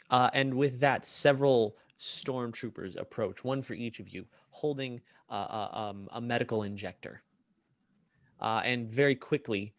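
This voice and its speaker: A man narrating a tabletop role-playing game as game master, in a lively way with frequent fillers and restarts. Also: medium pitch, a little slow, dry recording.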